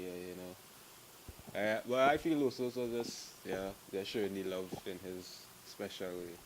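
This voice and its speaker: Trinidadian man telling animated stories. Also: low voice, a little slow, slight background noise, poor audio. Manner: animated, laughing, acts out quotes. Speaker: group member telling stories. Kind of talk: casual storytelling to camera.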